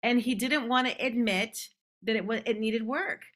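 A woman's voice: on the high side, normal speed, fairly bright tone. A woman who teaches voice, hosting a casual chat and telling stories emphatically. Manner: storytelling, emphatic. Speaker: host, voice teacher. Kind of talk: casual conversation.

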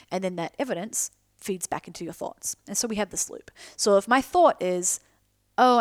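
A woman's voice: fairly low pitch, vocal fry, no room sound, studio quality. A woman hosting a solo podcast, talking candidly and casually, swearing freely and slipping in self-mocking asides. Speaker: podcast host.

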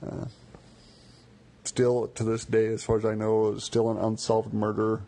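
A man casually talking through his favorite songs for a podcast, in a relaxed, rambling way with many fillers and repeated words. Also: lowish voice, unhurried, gravelly. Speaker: music podcaster. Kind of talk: casual spoken music commentary.

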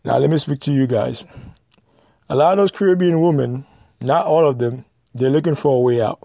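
A man's voice: mid-range voice, fairly quick, gravelly, mellow, no echo. A man giving blunt, lecturing advice in an opinionated monologue, repeating his points.

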